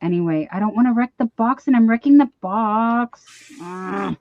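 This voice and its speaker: This woman streamer speaks at a normal speed in a fairly high voice, gushing excitedly and gasping over each gift she unboxes during a casual live chat. The sound comes through a webcam or desk mic and has a dull, dry stream quality.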